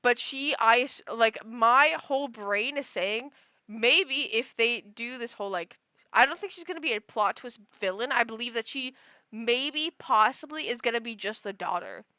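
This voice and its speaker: A woman's voice: on the high side, animated, moderate pace, pushed and bright, dry recording. A young woman livestreaming, chatting casually in a rambling way, full of fillers and restarts. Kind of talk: casual chat.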